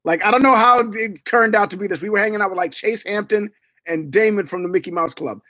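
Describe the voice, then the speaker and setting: A man's voice: sits high, quick pace, no room sound. A man from New York, a guest telling stories in casual chat, acting out quotes and sound effects. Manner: animated storyteller who acts out quotes and sound effects.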